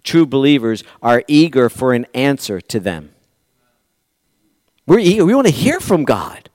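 A man preaching a sermon, swinging between loud pleading lines and quiet, hushed asides to the congregation. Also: medium pitch, very animated, unhurried, dry recording. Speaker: pastor.

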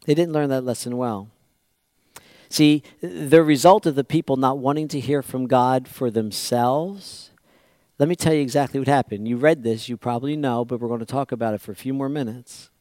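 A male pastor preaching a sermon, asking the congregation rhetorical questions and swinging from quiet asides to loud, emphatic passages. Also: medium pitch, moderate pace, dry recording.

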